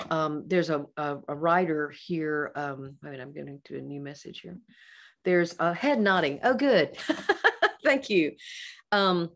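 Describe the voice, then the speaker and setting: A woman psychologist giving a conversational talk to colleagues, acting out quoted dialogue with restarts and asides. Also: deep voice. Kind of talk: presentation to colleagues. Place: lecture or webinar setting.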